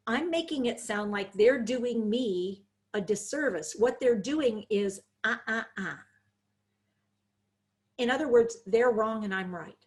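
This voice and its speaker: Brief: care educator woman, slightly high voice, lively webinar host on a video call. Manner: lively, demonstrative, acts out examples. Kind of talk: webinar presentation.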